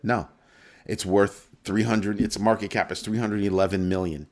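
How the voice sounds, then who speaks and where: A man hosting a casual live-stream crypto show, talking through numbers with animated swings between calm and mock panic. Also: on the low side, moderate pace, slight background noise.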